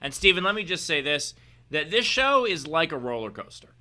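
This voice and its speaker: A man's voice: fairly high pitch, very animated, fairly quick, pushed and bright. A man co-hosting a comedy show over a video call, joking around and reading announcements with lots of hesitant fillers. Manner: jokey, hesitant with many uh fillers. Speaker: co-host. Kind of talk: casual chat and show announcements.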